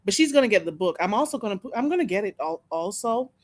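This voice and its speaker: A woman's voice: mid-range voice, animated, quick pace, no room sound. A woman hosting a casual live stream, chatting with her viewers, gossiping and laughing often.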